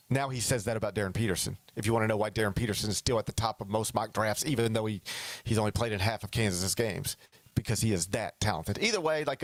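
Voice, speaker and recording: A male sports talk host with a mid-range voice chats casually and with energy. He keeps slipping into mock quotes of other people. The sound is dry and close, with no room echo. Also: medium pitch.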